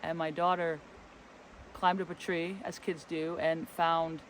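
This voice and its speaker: Relaxed man telling a story outdoors. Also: fairly high pitch, a little slow, poor audio. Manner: relaxed, rambling storyteller acting out quoted dialogue. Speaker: co-host of a spiritual travel channel. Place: outdoors in a forest, windy. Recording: light wind and outdoor background noise.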